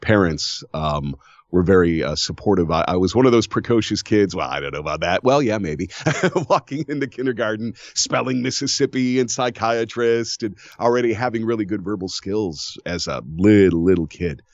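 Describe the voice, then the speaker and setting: A man's voice: low voice, lively intonation, normal speed, darkish tone, no echo, dull audio. A man in his fifties from Ohio, a voiceover artist chatting as an interview guest, telling stories animatedly and laughing often. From Cleveland, Ohio. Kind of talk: casual interview chat.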